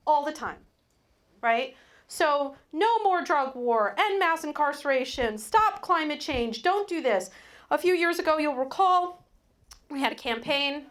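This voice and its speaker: A woman leads a live workshop in an indoor meeting room, speaking into a handheld mic. Her voice sits high and swings widely in pitch, and her delivery is wry and joking.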